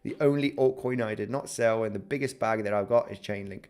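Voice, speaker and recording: A man's voice: fairly low pitch, fairly quick, darkish tone, smooth. A man with an English accent hosting a live crypto trading stream, talking through charts and chat comments with lots of "okay?" and "right?". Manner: chatty, fillers and repeated "okay?", "right?". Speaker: crypto trading livestream host. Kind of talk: live market analysis reading chat.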